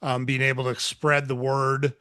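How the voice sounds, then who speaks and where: A man hosting a podcast interview, talking upbeat and quick with filler words. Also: mid-range voice, monotone, pushed and bright, smooth, no echo, clean studio sound. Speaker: podcast host.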